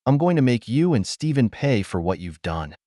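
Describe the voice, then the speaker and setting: A man reading as a betrayed husband who speaks calmly, coldly and with sarcasm in an audio story. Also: mid-range voice, moderate pace, no echo, studio quality, lightly acted. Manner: calm, cold, sarcastic. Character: cold, betrayed middle-aged husband.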